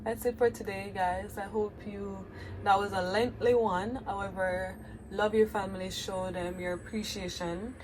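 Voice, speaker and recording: A woman's voice: mid-range voice, background noise. A woman with a Jamaican accent talking to her viewers in a reflective, heartfelt vlog. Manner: earnest, heartfelt, addresses viewers directly. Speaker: vlogger.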